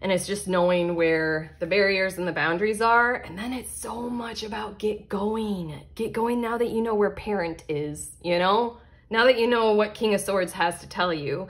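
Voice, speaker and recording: A woman giving a casual tarot card reading, excitable and chatty, laughing often and filling her talk with "like" and "you know". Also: mid-range voice, normal speed. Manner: excitable, giggly, chatty with many fillers. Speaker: tarot reader.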